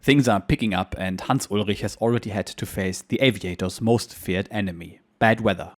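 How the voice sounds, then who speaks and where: A man narrating a war memoir as a history channel host, in a steady, measured reading style. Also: on the low side.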